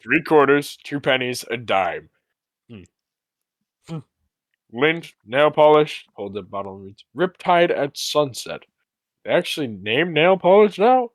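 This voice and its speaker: A man's voice: fairly high pitch, big pitch swings, unhurried, dry recording. A man reading the part of a fussy, mock-stern school principal in an amateur play reading. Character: fussy middle-aged male school principal.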